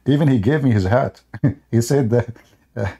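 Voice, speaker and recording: Husky, dark-voiced mocking male host. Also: mid-range voice, moderate pace. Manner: mocking, chuckles often; rambling anecdotal storytelling. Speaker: debate show host. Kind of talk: casual mocking monologue.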